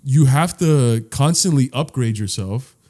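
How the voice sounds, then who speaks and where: An earnest young man co-hosting a podcast, his pitch sitting right in the middle for a man. He talks loosely and swears freely. He repeats words as he works toward his point. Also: animated, unhurried, warm tone. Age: young adult. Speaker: podcast co-host. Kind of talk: casual podcast chat.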